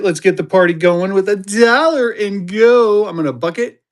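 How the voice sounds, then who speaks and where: This man's voice is high and fairly bright, moving at normal speed with few pauses. Hosting a currency auction on a live stream, he welcomes viewers by name and keeps urging them to bid.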